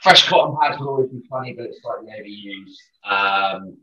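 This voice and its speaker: A man co-hosts a podcast, jokey and upbeat, stumbling a little at the start of his sentences. His voice is bright and forceful. He sounds distant from the mic in a roomy space, on a dull, lo-fi recording. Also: medium pitch, expressive, fairly quick. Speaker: podcast co-host. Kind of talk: casual podcast chat.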